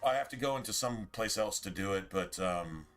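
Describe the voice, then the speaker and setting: A man's voice: low voice, animated, moderate pace, a bit bright, a little hiss or hum. A man streaming a game and chatting casually to his viewers, rambling and swearing freely. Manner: rambling, profane, talks straight to chat. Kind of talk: casual livestream chat.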